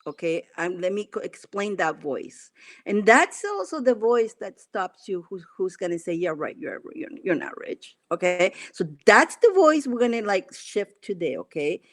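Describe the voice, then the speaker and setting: A woman's voice: mid-range voice, very animated, normal speed. A woman acting as a spiritual coach on a live stream, repeating instructions and guiding listeners through affirmations. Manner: repetitive, coaxing instructions.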